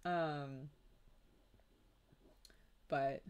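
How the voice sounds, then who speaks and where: A woman's voice: deep voice, steady tone, very slow, a little mellow, clear, resonant tone. A young woman streaming, chatting casually with her audience, laughing often and mimicking babies' cries.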